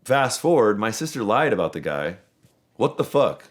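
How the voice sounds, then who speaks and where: Man in his thirties, podcast host, low voice, rambling stories, casual swearing. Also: sing-song, normal speed. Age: 30s. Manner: rambling storyteller, swears freely.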